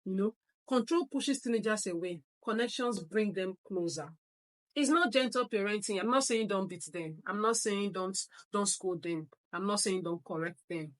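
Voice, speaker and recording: A woman's voice: medium pitch, normal speed. A middle-aged woman teaches a live online parenting class. She tells stories and repeats her key phrases for emphasis. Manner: acts out parents and children in quoted voices. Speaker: parenting coach and therapist.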